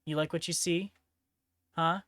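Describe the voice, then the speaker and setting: A woman's voice: fairly low pitch, steady tone, measured pace, a bit bright, no room sound. A woman streaming in casual chat while painting miniatures, laid-back, laughing often and swearing freely. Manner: laid-back, giggly and profane.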